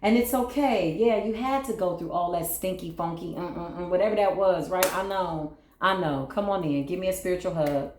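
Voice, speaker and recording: A woman with a lowish voice reads tarot cards for her viewers in a soothing, repetitive way. She keeps checking in with a quick "right?". The sound is echoey, as if recorded in a bare room. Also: background noise. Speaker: tarot reader. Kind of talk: channel tarot reading.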